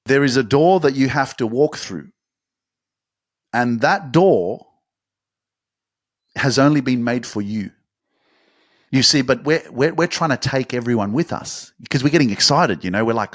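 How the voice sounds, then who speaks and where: A man giving a motivational monologue in an animated, casual way, acting out excited quotes and swearing now and then. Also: mid-range voice, normal speed, no room sound, clean studio sound. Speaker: motivational speaker.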